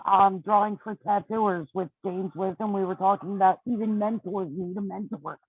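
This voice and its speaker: A man's voice: sits high, fairly even intonation, moderate pace, slightly rough, dry recording. Man on a thin, phone-like line. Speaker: podcast co-host. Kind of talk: casual chat. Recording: thin phone-like sound, dry.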